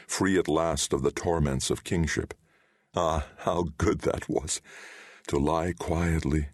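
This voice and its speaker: A man narrating a fantasy audiobook with a dramatic, expressive reading. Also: very deep voice, gravelly, husky, dry recording, studio quality.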